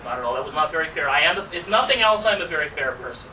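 A man's voice: fairly high pitch, lively intonation, very fast. Male magician demoing for a small group; chatty, playful. Recorded from a distance with room noise. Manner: chatty, teasing, theatrical asides. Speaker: magician presenter. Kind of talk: live workshop demonstration. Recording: distant mic with clear background noise.

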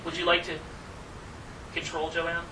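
This magician's fairly high voice stays completely flat at a measured pace as he runs a live workshop demo for a small group. Playful and teasing, he throws in theatrical asides, captured from afar with clear background noise.

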